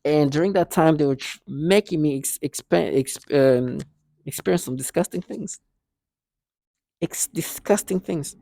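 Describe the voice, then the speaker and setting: A man with a gravelly, low-toned voice talks straight to camera, rambling and circling back with many false starts. The sound is close and dry. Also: warm tone, no echo. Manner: rambling, halting, with many restarts and quoted asides. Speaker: vlogger. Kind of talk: casual monologue to camera.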